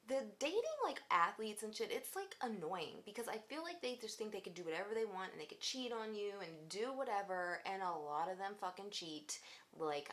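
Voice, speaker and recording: A woman's voice: medium pitch, fairly bright tone. Blunt, foul-mouthed young woman vlogger. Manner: blunt, profane and sarcastic. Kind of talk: casual storytelling vlog.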